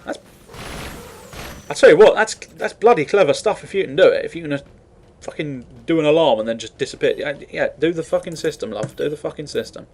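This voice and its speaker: A man's voice: fairly high pitch, a little fast, darkish tone, slight background noise. A man giving casual, rambling commentary while playing a game, swearing freely and laughing at himself. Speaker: gaming commentator.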